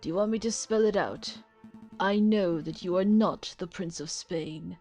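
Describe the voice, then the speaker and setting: A woman's voice: on the low side, unhurried, darkish tone, soft background music. A woman voicing a stern male falcon defense attorney who speaks in a formal, commanding way. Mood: firm.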